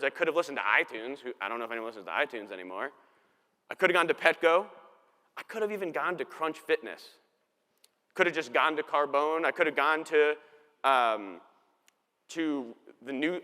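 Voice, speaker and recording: A man in his thirties gives a relaxed, joking keynote from a big conference stage. His voice is bright and smooth, and the hall adds a long ringing tail to every line. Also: mid-range voice. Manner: casual, joking storyteller. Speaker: keynote speaker.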